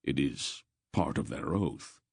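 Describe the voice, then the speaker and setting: A man doing a gruff old wizard who gives curt orders, in a deep voice. He sounds exasperated and clipped, read close and dry. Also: expressive, slow, dry recording, full character voice. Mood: terse. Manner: terse and exasperated.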